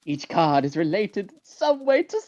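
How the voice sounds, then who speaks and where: A woman's voice: medium pitch, big pitch swings, normal speed, dark tone, highs cut off, slight background noise, natural voice. A woman voicing a flustered, hesitant witness in a game playthrough. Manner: hesitant, stammering.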